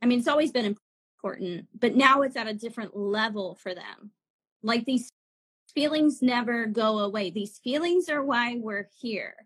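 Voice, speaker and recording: A woman's voice: on the high side, husky. A woman in her forties, a spiritual guide talking as a guest in a casual live chat, earnest and laughing often. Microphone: video call.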